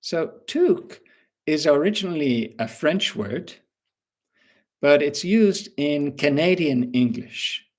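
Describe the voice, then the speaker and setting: Slow, patient Irish man teaching English. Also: fairly high pitch, a little mellow. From Ireland. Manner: slow, patient explanations with examples. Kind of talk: webinar lesson.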